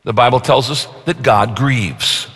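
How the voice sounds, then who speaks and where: A man preaching a sermon as pastor in a large church. He stresses points through repetition, rises for emphasis, then drops low and slow. His voice carries a long reverb from the hall. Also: fairly bright tone, slightly rough.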